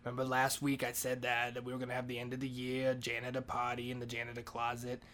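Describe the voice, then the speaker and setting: A man's voice: mid-range voice, completely flat delivery, fast talker, a bit bright, slight background noise. A man doing a rambling, profane comedic monologue as a heartbroken janitor. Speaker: comedy podcast host playing a janitor.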